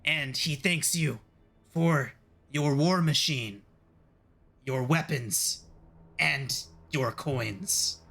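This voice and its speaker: A small fawning imp, voiced by a man, pitched well above an ordinary voice and announcing with puffed-up pomp. He grovels before his master while he speaks for him. A tabletop role-play voice with a bright tone. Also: very slow, vocal fry, long pauses, full character voice. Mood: pompous. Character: fawning little male imp herald.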